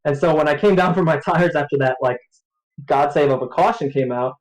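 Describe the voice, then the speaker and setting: A man recounts his race in a loose, rambling way, often breaking into laughter. His voice sits a little high. He sounds easy and unhurried. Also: rough recording. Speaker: race driver. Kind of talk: post-race interview.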